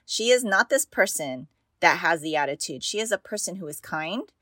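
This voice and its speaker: A woman's voice: fairly low pitch, animated, moderate pace, fairly bright tone, dry recording, clean studio sound. A woman hosting a parenting talk for mothers. She speaks in an earnest, encouraging way, repeats key phrases and often asks "right?". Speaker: parenting podcast host for mothers. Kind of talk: casual advice talk.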